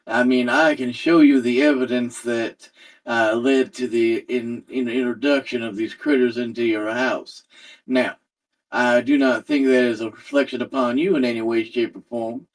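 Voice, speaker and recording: A man playing a tabletop game, measured and formal when in character. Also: medium pitch, steady tone, far from the mic. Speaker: player.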